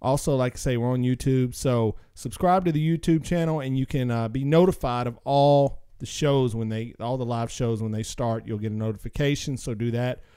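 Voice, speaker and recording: A man's voice: medium pitch, moderate pace, few pauses, mellow, clean tone, no room sound, studio quality. A man hosting a podcast, running through show plugs in a joking, upbeat sales patter and getting a little out of breath. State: slightly out of breath. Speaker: podcast host. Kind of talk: casual show plugs and announcements.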